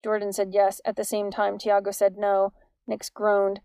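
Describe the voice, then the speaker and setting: A woman reading an audiobook in an even, measured storytelling manner. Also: mid-range voice, clean tone, no room sound. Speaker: audiobook narrator. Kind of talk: scripted narration.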